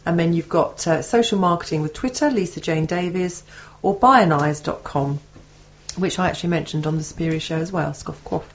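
A woman's voice: fairly low pitch, fairly quick. A woman co-hosting a radio show, giggly and scattered as she stumbles through an email. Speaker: radio co-host. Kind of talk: chatty radio banter, reading listener emails. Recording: dull lo-fi radio recording.

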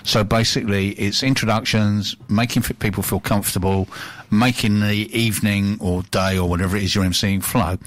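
A man's voice: fairly low pitch, fairly even intonation, a little fast. A man co-hosting a casual radio chat show, a jokey storyteller who laughs often. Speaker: radio co-host.

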